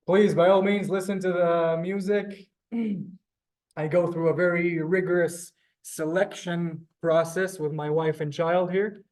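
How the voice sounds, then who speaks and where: A man's voice: sits high, darkish tone. A man teaching a live beginner language class over a video call, drawing out and exaggerating each word he pronounces. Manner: drawn-out, exaggerated pronunciation of words. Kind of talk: live online beginner lesson. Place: teaching room in front of a board.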